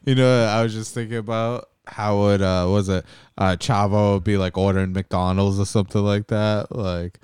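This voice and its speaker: A man's voice: fairly low pitch, steady tone, moderate pace, hardly any pauses, a little mellow, clear, resonant tone, dry recording, clean studio sound. A man with a New England accent co-hosting a podcast, giggling and rambling loosely with lots of "like". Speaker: podcast co-host. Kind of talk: casual joking chat.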